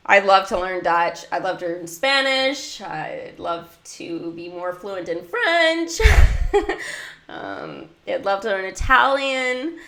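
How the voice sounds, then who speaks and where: A woman's voice: medium pitch, big pitch swings, slow, a bit bright. A woman chatting casually during a mobile game livestream, giggling often and answering her viewers' chat.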